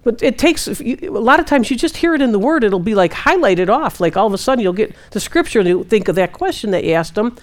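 Animated woman preaching casually. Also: quick pace, hardly any pauses. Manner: animated, quotes God in hushed low voice. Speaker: Christian minister answering questions. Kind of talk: casual spiritual teaching.

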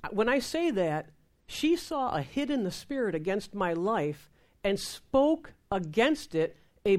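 Woman telling a lively faith testimony. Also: medium pitch. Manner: lively, acts out dialogue in quoted voices. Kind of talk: testimony storytelling.

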